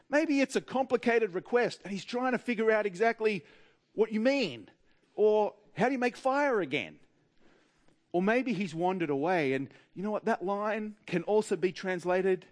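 A man with an Australian accent preaching a sermon in a wry, humorous way, with dramatic pauses. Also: high-pitched, darkish tone.

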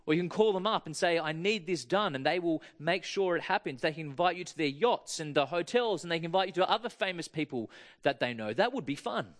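A man's voice: fairly high pitch, expressive, brisk, a bit bright. A man giving a sermon, chatting and joking with his congregation. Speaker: preacher. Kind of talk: sermon with audience interaction.

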